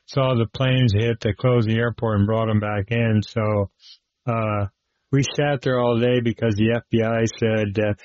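Man, airline pilot, steady recounting, dry close sound, muffled lo-fi. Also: fairly low pitch, dry recording. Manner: plain-spoken, steady recounting with fillers. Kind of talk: interview storytelling. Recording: dull lo-fi sound.

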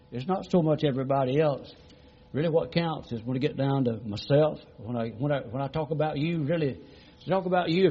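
A man's voice: fairly high pitch, slightly rough, muffled recording. A middle-aged man preaching a sermon as a pastor, retelling conversations in a folksy, repetitive way with many "he said" tags.

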